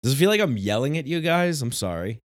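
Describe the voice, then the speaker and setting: A man's voice: mid-range voice, very animated, quick pace, dry recording. A man from New who talks in a passionate, rambling way, with many restarts in a casual spiritual monologue. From New York.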